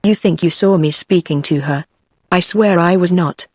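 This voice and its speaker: A woman's voice: fairly low pitch, moderate pace, dry recording, studio quality, natural voice. A text-to-speech woman's voice with a British English accent, reading the lines of an earnest, flustered young man. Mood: pleading. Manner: earnest, pleading.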